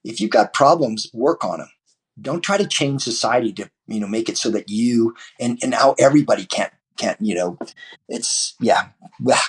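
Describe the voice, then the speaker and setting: A man with a husky, slightly rough voice speaks as a guest on a podcast. He rambles casually, restarting sentences and leaning on fillers. His pitch sits in an ordinary middle range for a man. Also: lively intonation, moderate pace. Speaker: martial arts teacher.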